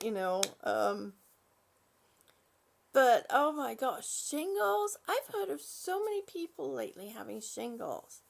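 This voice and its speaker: An older woman chats slowly with her viewers on a live stream and answers their comments one by one. Her voice sits fairly high and has a gravelly rasp. She often stops to restart her sentences. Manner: chatty, warm-hearted, with frequent "um" and restarts. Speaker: channel host.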